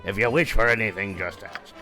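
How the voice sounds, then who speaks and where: A man's voice: on the low side, a little fast, bright, forceful tone, faint music behind. A man voicing a grumpy old male innkeeper who scolds in a haughty, quavering manner. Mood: fussy welcome. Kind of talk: reading game dialogue aloud in a voice.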